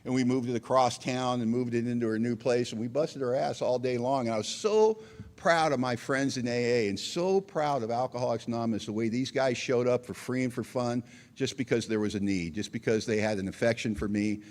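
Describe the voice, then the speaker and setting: A man's voice: mid-range voice, a little fast, darkish tone. A middle-aged man sharing his personal recovery story at a meeting, talking conversationally and acting out the dialogue he recounts.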